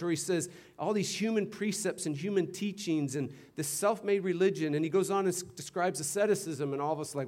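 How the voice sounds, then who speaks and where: Preaching fairly quickly with few pauses, a male pastor moves from forceful, loud outbursts down to quiet, low stretches. Along the way he drops in playful, teacherly asides.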